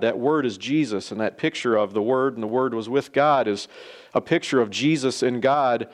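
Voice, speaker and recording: A man's voice: medium pitch, moderate pace. A man teaching a Sunday school lesson, telling a parable and stressing points by repeating them. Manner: emphatic, repeats key points. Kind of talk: sermon storytelling.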